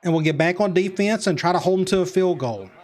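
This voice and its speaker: A gaming commentator gives casual commentary over a football video game, muttering play calls and quick reactions as if half talking to himself. His voice sits a touch high and has a darkish tone.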